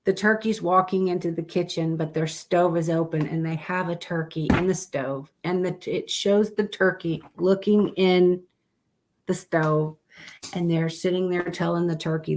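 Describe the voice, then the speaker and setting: A woman's voice: fairly low pitch, fairly even intonation, moderate pace, darkish tone. A woman hosting a live stream, chatting casually and rambling as she looks through pictures. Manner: chatty, rambling, with fillers and self-corrections.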